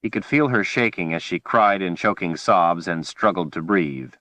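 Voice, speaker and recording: A man narrating a fantasy audiobook with a measured, dramatic delivery. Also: deep voice, sharp tone, no room sound.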